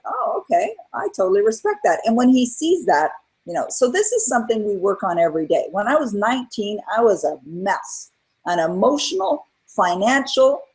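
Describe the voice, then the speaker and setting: A middle-aged woman as an interview guest, telling her own story in an earnest, animated way and acting out what people said. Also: medium pitch, breathy edge, poor audio. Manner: earnest, animated retelling with acted-out quotes. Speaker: guest, author and coach.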